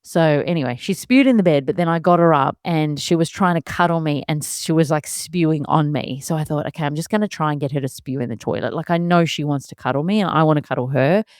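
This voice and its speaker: Low-voiced woman telling a lively story. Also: fast talker, few pauses, no echo, clean studio sound. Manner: animated, laughing often, acts out her own inner thoughts. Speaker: podcast host and mother. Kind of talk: casual storytelling monologue.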